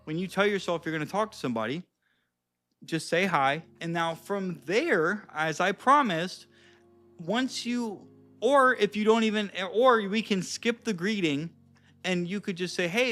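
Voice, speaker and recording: A young man talking casually to camera as a vlogger and coach, energetic and profane, acting out short everyday exchanges. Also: high voice, normal speed, soft background music. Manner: energetic, profane, bro-ish, acts out little dialogues. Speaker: vlogger and social skills coach. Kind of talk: casual vlog talk to camera.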